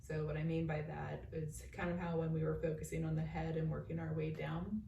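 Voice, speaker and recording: A young woman vlogger in a casual chat, guiding a meditation in a soft, rambling, slightly nervous way with many fillers. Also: sits low, little pitch movement, a little fast, gravelly, a little hiss or hum. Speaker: vlogger leading meditation and oracle card chat.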